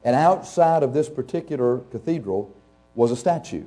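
A man's voice: medium pitch, lively intonation, normal speed, mellow. A male pastor preaching to a live congregation in a conversational, anecdotal way, chuckling often and asking the audience questions. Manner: speaks straight to the audience, asks questions.

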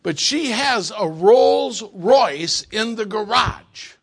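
A middle-aged man preaching a sermon, telling stories and swinging from hushed asides to shouted peaks. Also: high voice, lively intonation, slow, vocal fry, breathy edge.

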